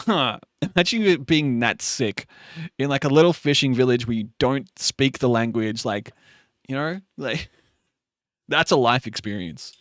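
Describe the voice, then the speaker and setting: A man's voice: medium pitch, a little slow, a bit bright, no echo, studio quality. A man with a Queensland Australian accent, hosting a live stream and chatting casually with viewers, laughing and swearing, and sleepy. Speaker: livestream host. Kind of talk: casual chat reading viewer messages.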